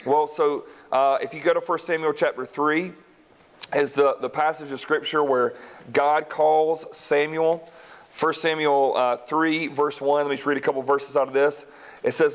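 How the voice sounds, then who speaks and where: A man preaches a sermon in a church, reading Scripture and retelling it in a relaxed, folksy way. He slips into quick voices for the characters as he tells the story. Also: fairly high pitch. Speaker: pastor.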